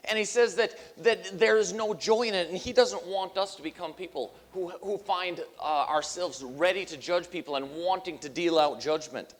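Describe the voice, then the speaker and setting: A man's voice: high-pitched, moderate pace, few pauses, long reverb tail. A man preaching a sermon as pastor, talking conversationally with many fillers and acting out the quotes he tells. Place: church sanctuary.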